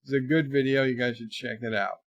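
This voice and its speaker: A man's voice: medium pitch, steady tone, brisk, dry recording, lo-fi sound. A man hosting a live stream, reading viewers' chat messages aloud in a rambling, chatty way. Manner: chatty, rambling, trails off quietly.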